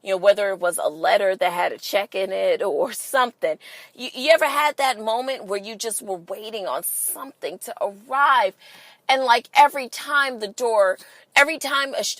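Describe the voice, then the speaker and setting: A woman's voice: fairly high pitch, a bit bright, dry recording. A woman hosting a podcast in a casual monologue, emphatic and swearing freely, firing rhetorical questions at listeners. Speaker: podcast host.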